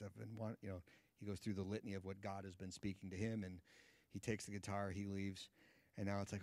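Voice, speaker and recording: Preacher in his 30s, low voice, lively storytelling, dry sound. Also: quick pace, no echo. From United States. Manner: lively storyteller acting out dialogue. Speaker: guest Bible teacher. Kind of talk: sermon storytelling.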